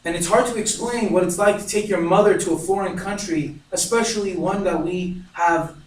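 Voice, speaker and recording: A man's voice: sits high, moderate pace. A young man giving an earnest, emotional narrative speech, telling a personal story. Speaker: student speaker. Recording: echoey room, mic far off, faint noise.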